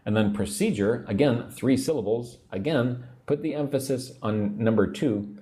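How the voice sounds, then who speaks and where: A man hosting an English lesson livestream, explaining words slowly, drilling pronunciation and reading viewer comments aloud. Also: medium pitch, warm tone. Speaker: English teacher. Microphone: own microphone at a computer.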